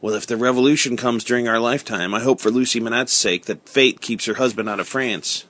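A man's voice: mid-range voice, fairly quick, a bit bright, lightly acted. A man reading aloud and voicing a cautious, uneasy male wine-shop keeper with short, careful answers.

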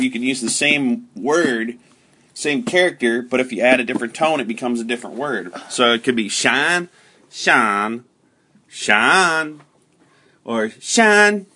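A cheerful man talking casually on a home podcast, middle-pitched and easygoing. He coaches and encourages like a patient teacher, repeating words slowly and praising often. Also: a bit bright, breathy edge. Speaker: home podcast host, parent teaching a child.

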